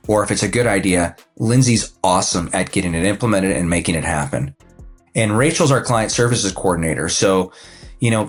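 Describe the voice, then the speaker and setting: A man in his fifties, a financial advisor and coach, talks about his work as a podcast guest in a relaxed, anecdotal way, with frequent fillers and restarts. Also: fairly low pitch. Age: 50s. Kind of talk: casual conversational storytelling.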